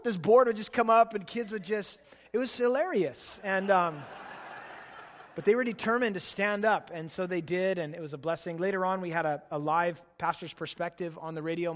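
A man in his late thirties, a pastor, preaching a sermon and telling stories in a relaxed, chatty way. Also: a little high. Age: late 30s. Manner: relaxed, chatty storytelling with laughs. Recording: long hall reverb.

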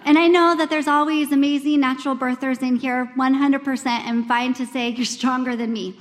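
A woman in her forties preaching at a women's church gathering, earnest and conversational, acting out quoted voices with big swings in pitch. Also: normal speed, a little hiss or hum. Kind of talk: sermon. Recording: long hall reverb.

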